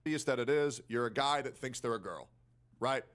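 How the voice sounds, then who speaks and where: A man's voice: medium pitch, fairly quick, a bit bright. A man in a played clip, rambling through an argument and often asking "right?". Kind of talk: casual podcast argument.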